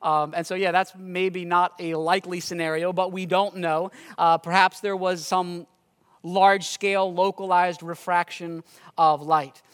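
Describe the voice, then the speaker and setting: A man preaching a sermon as pastor, earnest and rising loudly on his appeals, recorded in a church. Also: high-pitched, little pitch movement, a little slow, smooth. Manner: earnest preaching, swells loud on exhortations. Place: church sanctuary. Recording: church hall reverb.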